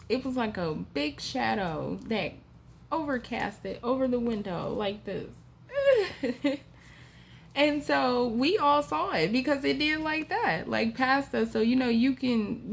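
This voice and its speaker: A woman host telling a spooky personal story in a chatty, animated way with frequent asides to the listener. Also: on the high side, creaky. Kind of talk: casual storytime.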